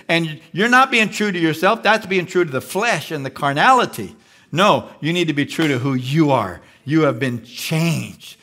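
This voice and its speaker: A man preaching a live sermon as pastor, animated and acting out little voices as he goes. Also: a little high. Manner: animated, acts out voices of the flesh and believers. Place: large church.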